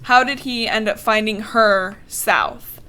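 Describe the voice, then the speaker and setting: A woman's voice: medium pitch, slow, pushed and bright, clear, resonant tone. A woman co-hosting a casual podcast, recapping a novel with sarcasm and swearing, mocking the characters' lines. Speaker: podcast co-host recapping a book. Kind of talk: casual chat.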